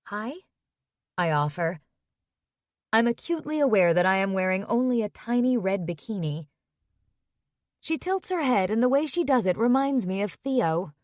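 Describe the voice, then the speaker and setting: A woman's voice: mid-range voice, dry recording. Woman narrating a romance audiobook, dry. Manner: intimate, conversational inner monologue.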